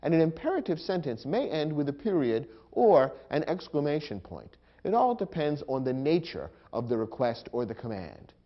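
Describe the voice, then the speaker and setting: A man giving a scripted grammar lesson, explaining in a measured way and acting out example sentences. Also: on the high side, sing-song. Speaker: grammar instructor. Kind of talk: scripted instructional narration. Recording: dull lo-fi recording.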